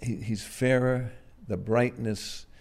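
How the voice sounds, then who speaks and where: A man preaching a sermon in a gentle, halting way, pausing often and swelling loud on key words before dropping soft again. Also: medium pitch, fairly even intonation, creaky. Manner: gentle, halting, with frequent "uh" and restarts.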